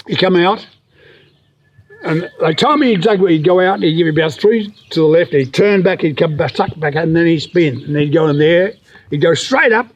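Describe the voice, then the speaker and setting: A man's voice: a little high, breathy edge. An older Australian man telling rambling anecdotes in a casual interview, slipping into the voices of the people he quotes. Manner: rambling yarn-spinner, acts out quoted voices. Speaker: interview guest. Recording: dull lo-fi recording.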